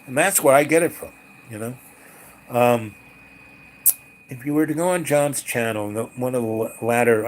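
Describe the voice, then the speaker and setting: A man telling a long family story in casual talk, wandering off on tangents with lots of fillers and restarts. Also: mid-range voice. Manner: rambling, digressive, many fillers and restarts.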